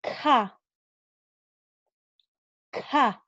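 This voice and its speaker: A woman teaching the Spanish alphabet, saying each word slowly and repeating it for learners. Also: bright, forceful tone, no room sound. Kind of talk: slow alphabet pronunciation lesson. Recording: dull lo-fi dry audio.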